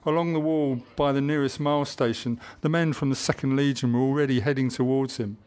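A man reading a historical adventure novel aloud in measured audiobook narration. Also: medium pitch, fairly even intonation, darkish tone, clear, resonant tone.

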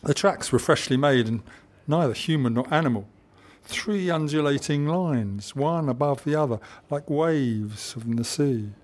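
A man reading a historical adventure novel aloud in measured audiobook narration. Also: a little high.

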